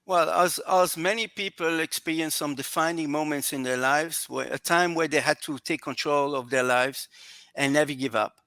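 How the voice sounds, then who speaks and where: A man with a French accent answering a podcast interviewer, pausing and searching for words as he goes. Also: a little high, sharp tone, no echo. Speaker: podcast guest.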